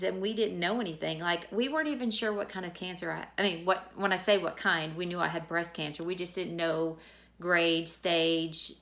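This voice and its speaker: Middle-aged woman, a bit of fry, chatty and candid, vlog storytelling. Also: on the low side, a bit bright. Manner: candid, conversational, retells dialogue. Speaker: teacher.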